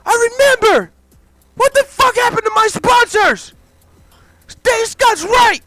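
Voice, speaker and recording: A man voicing a furious, anguished heavyweight fighter bodyguard in a comic fan story, shouting and cursing. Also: high-pitched, fairly quick, pitched above the performer's own voice. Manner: bellowing, anguished, profane. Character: enraged hulking male heavyweight fighter bodyguard.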